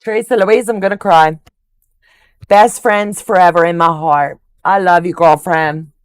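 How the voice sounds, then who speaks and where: A woman's voice: on the low side, clear, resonant tone, dry recording. An older woman hosting a quilting livestream, chatting casually and gushing affectionately over viewers' comments.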